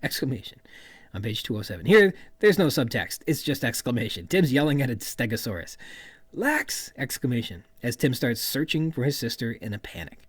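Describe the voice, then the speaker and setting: A man hosts a podcast monologue dissecting a novel's writing, pacing himself fairly quickly in a medium-pitched voice with a breathy edge. He reads passages aloud, explains them expressively, and the recording is dry.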